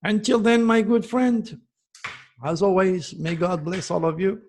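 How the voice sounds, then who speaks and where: A man's voice: sits high, steady tone, a little slow, slight background noise. A man from France, a middle-aged astrologer host, chatting casually to his viewers and telling a story, repeating his words as he goes. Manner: coos softly to his dog.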